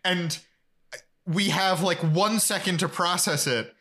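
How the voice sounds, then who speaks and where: A young man co-hosting a podcast, chatting casually in a playful, animated way. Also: high voice. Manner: animated, playful, quick to joke. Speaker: podcast co-host. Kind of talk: casual chat.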